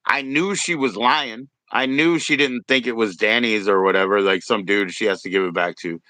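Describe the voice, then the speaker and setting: Meandering man with a bright voice. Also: lowish voice, normal speed, no echo. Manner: meandering, full of "you know". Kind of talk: casual chat.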